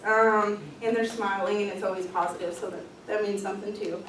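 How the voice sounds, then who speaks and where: A woman's voice: mid-range voice, fairly even intonation, fast, few pauses, a little hiss or hum. A woman presenting a leadership workshop, talking in an upbeat, casual way with frequent ums and light laughs. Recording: echoey room, voice from far off.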